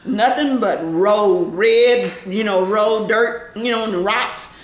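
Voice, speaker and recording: An older woman animatedly telling a family story in an interview, laughing often and acting out the voices of people in it. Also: takes it slowly. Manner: lively, laughing, acts out voices in high shouts. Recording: echoey room with faint noise.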